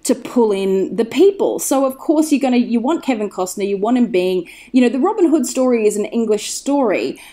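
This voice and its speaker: Woman guest on a podcast, warm mellow voice, rambly and excited. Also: a little high, brisk, hardly any pauses. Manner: enthusiastic, digressive storyteller. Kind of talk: casual chat.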